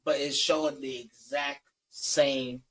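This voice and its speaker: Talking slowly in a mid-range voice that's fairly bright with a breathy edge and little pitch movement, a Philly-accented man co-hosts a casual podcast. He rants hotly, cursing and repeating himself, over poor audio.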